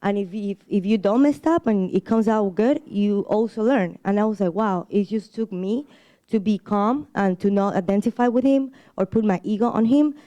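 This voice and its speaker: A woman in a church group, telling her story in an earnest, halting way with many restarts. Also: mid-range voice, dark tone, dull audio. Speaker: church member sharing a story. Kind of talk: casual testimony.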